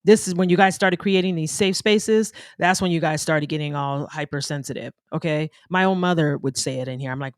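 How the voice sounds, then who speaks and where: A middle-aged podcast co-host speaks in brash, scolding bursts. The voice sits mid-pitched and is captured close and dry. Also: brisk, hardly any pauses, clean tone, no room sound. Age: 40s-50s. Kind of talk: podcast chat.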